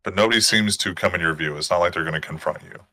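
Low-voiced gm guy, measured scene narration, bright dry sound. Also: no echo. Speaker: game master. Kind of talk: narrating a tabletop game.

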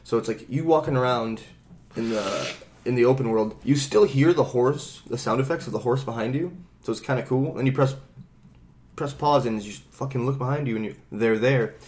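Guy on a podcast going on about a game, swears a bunch, rambly and animated. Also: medium pitch, normal speed. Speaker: podcast co-host. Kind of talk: casual chat about video games.

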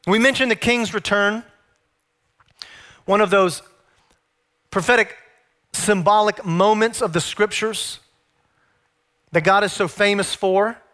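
A male preacher with a high, bright, forceful voice delivers an emphatic sermon. He keeps turning to his listeners with rhetorical questions, leaning hard on his key points. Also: takes it slowly, long pauses.

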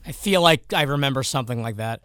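A man's voice: mid-range voice, lively intonation, fast talker, a bit bright, clean tone, no room sound. A man chiming in as co-host with dry, wry asides. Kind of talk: talk show banter.

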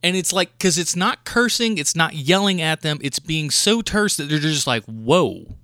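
A man's voice: on the high side, moderate pace, bright, forceful tone, no echo, studio quality. A man hosting a podcast, ranting in a profane, fired-up way about rude moviegoers in casual chat. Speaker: podcast host.

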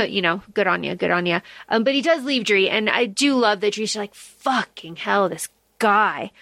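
A woman's voice: mid-range voice, brisk, creaky, a bit bright, dry recording. Chatty woman podcast host, dry mic. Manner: chatty, swears freely, lots of fillers. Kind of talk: casual book discussion.

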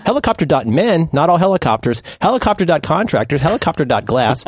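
Playful podcast man with a lively voice. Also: on the high side, fast, few pauses, husky, dry recording, studio quality. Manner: playful, riffing, jumps into silly voices. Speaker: podcast co-host. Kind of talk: casual chat.

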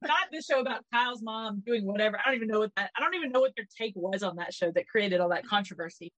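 A woman co-hosting a podcast in casual gossip chat, animated and swearing, acting out quotes in little voices. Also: medium pitch, fast, dry recording, rough recording. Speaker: podcast co-host.

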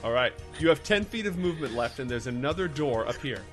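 A man narrating as game master, playful and dramatic, with sudden bursts of shouting. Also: medium pitch, expressive, quick pace, faint music behind.

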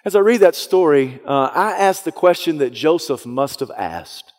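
A male pastor preaching a sermon, retelling a story dramatically, dropping to a hush and then rising loud. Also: fairly high pitch, expressive, normal speed, few pauses. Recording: long hall reverb.

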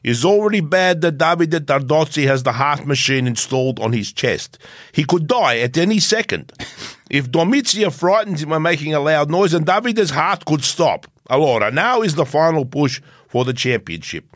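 A man's voice: on the high side, expressive, normal speed, a bit bright, dry recording, studio quality, pitched above the performer's own voice. A man doing a comic impression of a scheming older Italian racing team boss, with a put-on Italian accent and broken English.

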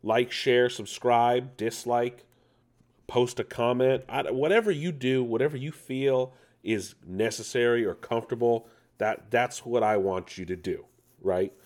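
A man's voice: medium pitch, unhurried, darkish tone. Playful, rambling male news host. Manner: playful, rambling, jokes and self-asides. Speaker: host of a nerd news show. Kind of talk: casual news chat.

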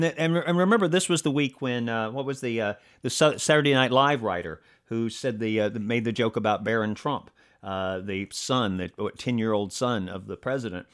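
Halting, sarcastic low-voiced man. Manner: halting, many fillers and restarts, sarcastic. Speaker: podcast co-host. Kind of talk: casual political commentary.

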